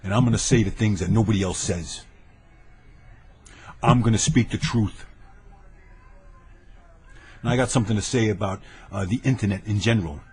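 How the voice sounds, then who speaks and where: A man's voice: fairly low pitch, normal speed, long pauses, darkish tone, husky. A man venting angrily into his webcam, combative and boastful, hammering his points with repeated phrases. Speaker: vlogger ranting to camera. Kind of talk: angry webcam rant. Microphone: webcam mic.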